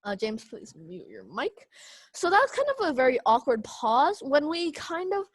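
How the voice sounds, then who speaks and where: A woman's voice: high-pitched, sing-song, moderate pace, dry recording. A young woman teaching an online speech class, casual with many fillers. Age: young adult.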